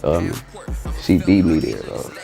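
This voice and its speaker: Speaking a little slowly, this interview guest from East Oakland, California, has an extremely low, mellow voice with vocal fry and an animated delivery. He tells his story in slang, loose and relaxed, re-enacting the dialogue while faint music sits behind him.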